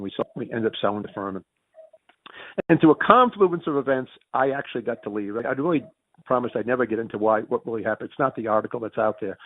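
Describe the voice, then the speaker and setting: A middle-aged man spins a casual story in an interview, his pitch swinging widely as he gets excited. His voice is husky and a bit gravelly. The sound is tinny and phone-like, with a dry, close feel. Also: no room sound. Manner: animated, jumps in pitch when excited. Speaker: interview guest.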